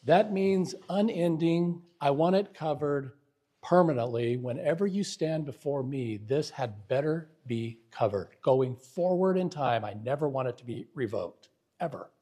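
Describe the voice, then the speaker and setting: A man's voice: fairly high pitch, animated, measured pace, mellow, breathy edge. A male preacher giving a Bible lesson in sermon style, emphatic and often asking the audience rhetorical questions. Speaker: preacher teaching Bible syntax.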